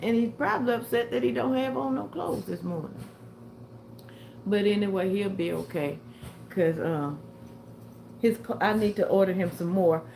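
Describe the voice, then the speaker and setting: A woman's voice: mid-range voice, moderate pace, creaky, pauses often, a little mellow, slight background noise. An older woman chatting casually with viewers on a livestream, a little tired and short of breath. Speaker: livestream host.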